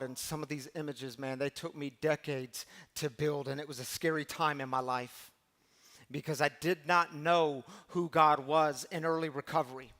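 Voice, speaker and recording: A middle-aged man preaching a recovery sermon, animated storytelling that swings from loud to hushed. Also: on the high side, moderate pace. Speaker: pastor of a recovery community.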